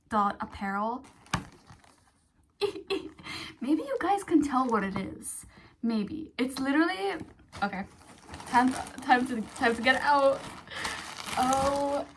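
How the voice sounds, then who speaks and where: A young woman talks to her camera in a loose, chatty vlog style, full of fillers and quick bursts of excitement. Her voice sits a little high. A faint hiss runs underneath. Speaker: vlogger. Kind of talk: casual vlog chat.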